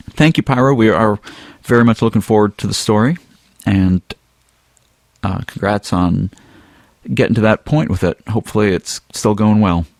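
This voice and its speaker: A man hosting a casual podcast, reading a listener's email aloud in a relaxed, rambling way. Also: lowish voice, no room sound, clean studio sound. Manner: relaxed, rambling, with some filler words. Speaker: podcast host.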